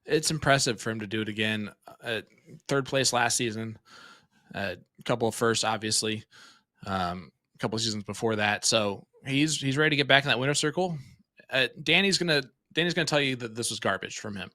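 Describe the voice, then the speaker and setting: A young man doing casual, excitable live darts commentary from a small streaming room, chatty with lots of fillers. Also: medium pitch, fairly quick, no room sound, studio quality.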